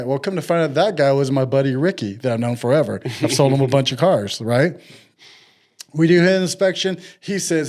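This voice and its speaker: Speaking fairly quickly at a medium pitch, a middle-aged man recounts a story during a relaxed podcast chat, lively and performing the voices of those he quotes.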